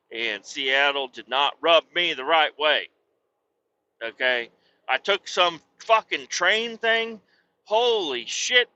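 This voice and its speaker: A man with a high, very sharp, piercing voice hosts a podcast and rants through a story, swearing nonstop and working himself up until he is yelling. The recording sounds dull and lo-fi. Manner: swears constantly, works himself up into shouting tirades. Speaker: podcast host. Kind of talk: casual profane storytelling rant.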